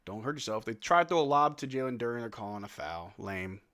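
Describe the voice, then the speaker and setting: A man hosting a casual live watch-along, calling plays excitedly at home and tossing in joking asides with lots of "bro.". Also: medium pitch, fast talker. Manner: excitable play-by-play mixed with joking asides, says "bro" often. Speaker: live stream host.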